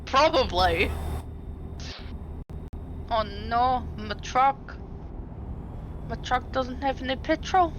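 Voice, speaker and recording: Bright-voiced woman streamer, swearing freely. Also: high-pitched, lively intonation, takes it slowly, pauses often, muffled recording, a little hiss or hum. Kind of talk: casual gaming chat.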